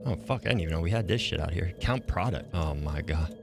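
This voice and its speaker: A man's voice: low-pitched, lively intonation, quick pace, gravelly, over music. A man streaming a horror game, reacting aloud in casual, profane commentary.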